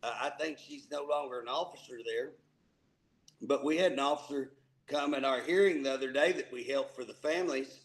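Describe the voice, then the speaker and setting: Co-hosting a casual political talk show, a man speaks folksy and emphatic, often repeating words as he starts a thought. His voice is mid-range and a little fast, and the recording is rough.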